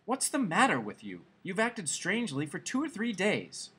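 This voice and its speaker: A man reading a story aloud, voicing a timid, eager-to-please clerk husband who stammers hopefully, in a husky voice. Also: sits high, wildly swooping pitch, normal speed, a bit bright, voice pushed up, exaggerated voice.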